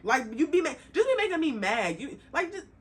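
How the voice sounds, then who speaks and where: A young woman hosting a podcast, talking bluntly and emphatically in a casual monologue, swearing freely and rising in heat before calming herself. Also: sits high, normal speed. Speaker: podcast host.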